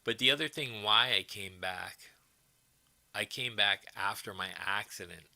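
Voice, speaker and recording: Gravelly, sharp-voiced livestream host. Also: male voice, lowish voice, a little slow, no room sound. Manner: rambling, answers chat comments as he goes. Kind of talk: casual chat with viewers.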